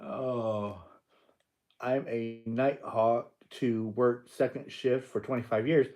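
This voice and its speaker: A man's voice: medium pitch, fairly even intonation, slow pace, dark tone. An older man hosting a casual live stream, answering viewers and teasing them playfully, often laughing. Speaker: livestream host.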